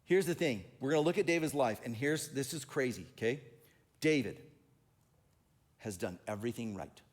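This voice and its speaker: A male pastor giving a conversational sermon, telling stories and acting out other people's voices in an animated way. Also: mid-range voice, normal speed. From Oregon.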